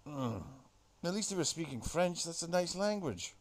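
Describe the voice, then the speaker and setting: A man's voice: on the high side, animated, moderate pace. Man, host, rambling comic monologue, sardonic and heavily sweary.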